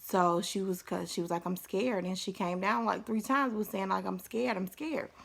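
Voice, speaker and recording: A young woman giving a casual, upbeat devotional talk, chatty and playful with warm asides. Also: medium pitch, steady tone, normal speed, gravelly. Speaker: faith vlogger.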